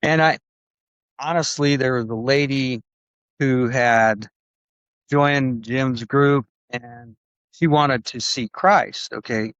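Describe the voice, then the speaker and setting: A man's voice: medium pitch, takes it slowly, fairly bright tone, smooth, no echo. Rambling male podcast guest, dull lo-fi. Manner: rambling, acts out quoted voices with restarts. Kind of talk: conversational storytelling. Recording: dull lo-fi dry recording.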